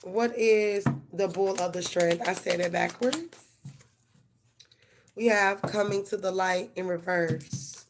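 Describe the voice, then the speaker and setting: A woman's voice: lowish voice, steady tone, slow pace, noisy background. Profane woman doing live tarot readings. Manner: blunt, profane, talks straight to viewers. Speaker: tarot reader. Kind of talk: live-stream tarot reading and casual chat.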